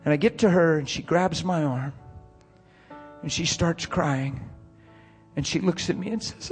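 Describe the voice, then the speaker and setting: Impassioned high-voiced male preacher. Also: normal speed, soft background music. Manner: swings from soft hushed storytelling to loud strained preaching. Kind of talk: sermon.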